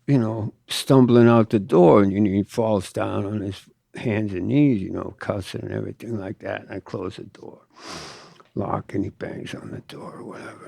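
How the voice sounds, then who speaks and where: A man's voice: fairly low pitch, creaky, warm tone, slightly rough, dry recording, clean studio sound. An older man from Southern California, a tattoo artist telling stories in a laid-back, profane drawl as an interview guest. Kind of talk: casual storytelling.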